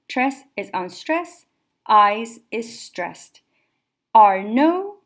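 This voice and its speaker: A woman's voice: on the high side, extremely slow. Woman teacher giving methodical lecture notes. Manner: clear, methodical, steady explaining. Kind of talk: recorded classroom lecture notes.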